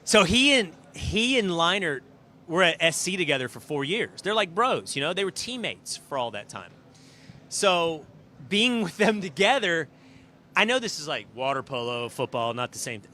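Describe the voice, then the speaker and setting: A middle-aged male host tells backstage stories with animated emphasis, pushing key words hard. His voice sits a bit high and sounds bright and forceful. He talks casually from a green room. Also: normal speed, a little hiss or hum. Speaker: show host. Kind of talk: casual storytelling and show preview. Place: green room at a live event.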